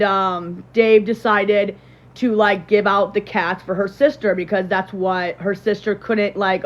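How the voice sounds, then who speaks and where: A woman's voice: medium pitch, lo-fi sound. A young woman from Illinois chatting casually on a livestream and telling a rambling story to her viewers, full of fillers and restarts.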